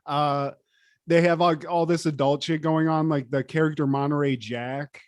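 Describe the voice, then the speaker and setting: Animated, profane man, slightly high voice. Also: moderate pace, dry recording, studio quality. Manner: animated, profane, lots of fillers. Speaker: podcast co-host. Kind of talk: casual chat.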